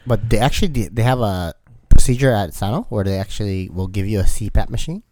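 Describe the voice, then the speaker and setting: Deadpan man dropping quick quips. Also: fairly low pitch, dry recording. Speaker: podcast co-host. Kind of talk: casual chat.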